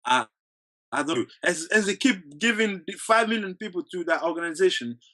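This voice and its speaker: A man's voice: high-pitched, lively intonation, a little fast, bright, forceful tone, rough recording. A male activist guest in an interview, talking earnestly and at length, with restarts and short laughs between points. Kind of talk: casual interview talk.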